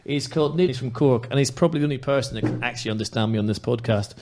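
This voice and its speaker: A man's voice: mid-range voice, racing, creaky, background noise. A man hosting a football podcast in casual chat, talking in an impassioned, emphatic way. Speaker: podcast host.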